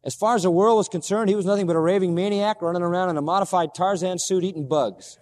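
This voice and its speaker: A man's voice: high-pitched, fairly even intonation, fast, darkish tone, big-room sound. A man preaching a sermon, emphatic, repeating key words and asking his listeners questions. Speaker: pastor.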